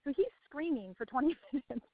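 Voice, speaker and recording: A woman's voice: high voice, big pitch swings, a little fast. A woman telling a story as a parent on a coaching call, talking casually and laughing often between her words. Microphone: phone. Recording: tinny phone line.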